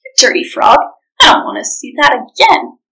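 A woman playing a shouting angry ogre. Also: a little high, lively intonation, a little slow, exaggerated voice, poor audio. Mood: scolding. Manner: shouting and scolding. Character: angry brutish male ogre.

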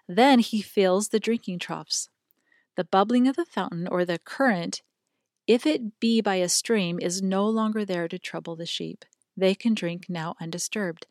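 A woman voicing a gentle middle-aged Syrian shepherd man who tells stories tenderly and reverently. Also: mid-range voice, no echo, studio quality, natural voice.

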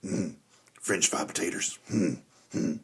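A man imitating a slow, simple-minded grown man who mumbles with low grunts. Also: fairly bright tone, breathy edge, full character voice. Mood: mumbling.

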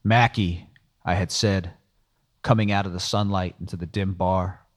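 Low-voiced man, world-weary noir audiobook narrator, dry and wry. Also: level tone, normal speed.

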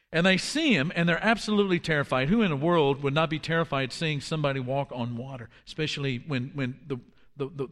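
A man in his fifties preaching a sermon, telling stories in an animated way that drops to a hush for quoted lines. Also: a little high, long reverb tail. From Washington, D.C. area. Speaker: pastor.

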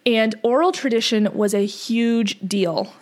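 A woman's voice: on the high side, unhurried, a little mellow. A woman co-hosting a casual podcast about church teaching, explaining in a conversational way with frequent fillers. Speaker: podcast co-host. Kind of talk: casual religious discussion.

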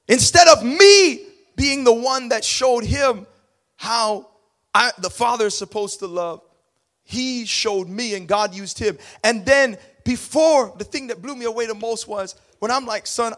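Middle-aged male preacher with a high-pitched voice, dramatic storyteller who jumps from hushed to loud. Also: unhurried. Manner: animated, dramatic storytelling that swings between quiet asides and loud bursts. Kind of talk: sermon storytelling.

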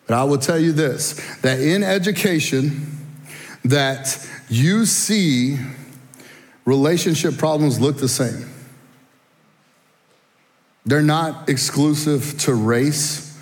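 A middle-aged man preaching a sermon, telling folksy personal stories and speaking straight to the congregation. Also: mid-range voice. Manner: folksy, animated storytelling, addresses the audience directly. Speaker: guest speaker at a church. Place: church auditorium. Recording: long reverb in a large hall.

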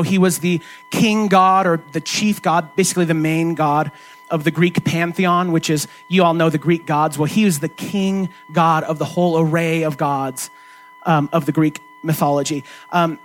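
High-voiced man preaching conversationally. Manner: conversational preaching with frequent restarts and rhetorical questions. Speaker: pastor. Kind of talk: sermon.

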